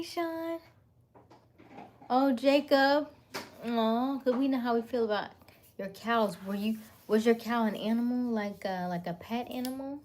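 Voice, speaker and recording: Female livestream host, unhurried, chatty, greets viewers by name, frequent laughs and soft asides. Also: a little high, a little hiss or hum. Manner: talks while eating dinner; laughs often, drifts into soft half-whispers. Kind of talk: casual livestream chat.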